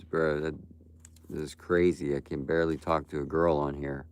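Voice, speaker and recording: A man's voice: very deep voice, little pitch movement, normal speed, clean tone. A young man livestreaming and talking to his chat, ranting bluntly and profanely with frequent "bro" and "like". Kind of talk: live stream talk to chat.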